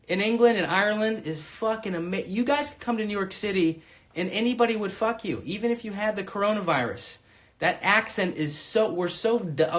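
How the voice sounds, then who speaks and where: A man's voice: high-pitched, a bit bright. Profane, rambling comedian in his thirties. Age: 30s. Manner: rambling, profane, self-mocking. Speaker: stand-up comedian and host. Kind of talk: live-streamed stand-up set. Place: home in Brooklyn.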